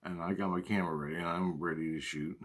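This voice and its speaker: Deep-voiced man telling a rambling story. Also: fairly even intonation, fast talker. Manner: rambling, profane, with restarts and repeated phrases. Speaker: storyteller recounting personal experiences. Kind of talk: casual storytelling.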